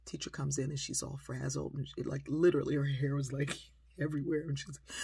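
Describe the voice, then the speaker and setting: A woman telling a personal story in a lively, conversational way, acting out the people in it. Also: a bass voice, fairly quick, gravelly, breathy edge, no room sound. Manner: lively, conversational, acts out quotes. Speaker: speaker, storyteller.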